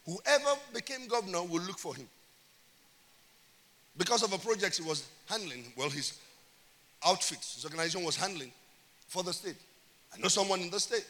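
A man's voice: high voice, animated, normal speed, sharp tone. A man preaching a sermon as pastor, emphatic and calling out to his congregation. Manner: emphatic preaching with call-and-response. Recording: reverberant church hall.

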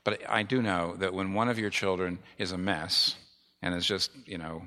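A man's voice: sits low, fairly even intonation, moderate pace, bright, forceful tone. A middle-aged male pastor preaching a sermon with emphatic repetition. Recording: long reverb of a large hall.

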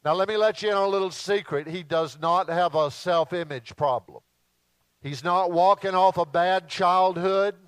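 A man preaching a sermon as a visiting preacher, slow and emphatic with dramatic pauses. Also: sits high, a bit bright, clean tone, dry recording.

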